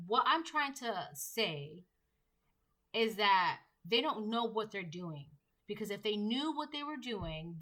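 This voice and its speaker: A woman's voice: mid-range voice, pushed and bright, poor audio. A woman giving a collective tarot reading, talking emphatically and piling up repeated rhetorical questions. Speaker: tarot reader.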